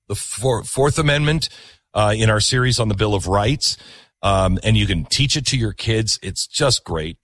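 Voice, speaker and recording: A man's voice: medium pitch, no room sound. A man hosting a talk show, delivering an opinionated monologue with emphatic repetition. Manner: animated, emphatic, repeats himself.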